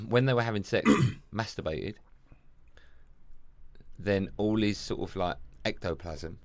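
A man's voice: lowish voice, takes it slowly, darkish tone. A man hosting a casual podcast chat, telling stories in a playful, teasing way. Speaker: podcast host.

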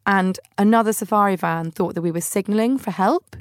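In a clean studio recording with no room sound, a young podcast host tells comic travel tales at a fairly quick clip. Her medium-pitched voice is clear and resonant, and her casual storytelling is chatty and self-deprecating, with impressions of her relatives.

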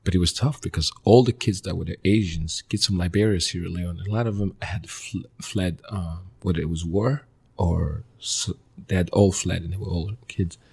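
A man, a guest in an interview, telling his life story in earnest, halting fragments with many restarts. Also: low voice, steady tone, vocal fry, darkish tone, breathy edge. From Mali. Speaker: interview guest, former pro soccer player. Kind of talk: personal storytelling in a conversational interview.

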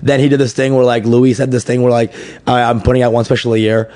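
A man, a stand-up comedian, chatting on a podcast in an animated way, swearing freely and tripping over his words. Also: medium pitch, fast, no room sound. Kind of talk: casual podcast conversation.

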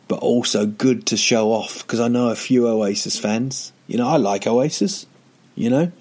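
A man's voice: mid-range voice, normal speed, darkish tone. A man, a comedian hosting a podcast, telling a rambling comic story with self-mocking jokey asides. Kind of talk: casual comedic monologue.

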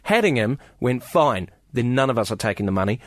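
A man from New Zealand tells a comedy story in a relaxed chat, his pitch rising and falling widely as he slips into the voices of his characters. It sounds close and dry, with no room echo. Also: fast talker. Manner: animated storyteller acting out voices in his tales. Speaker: guest comedian. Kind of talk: casual anecdote telling.

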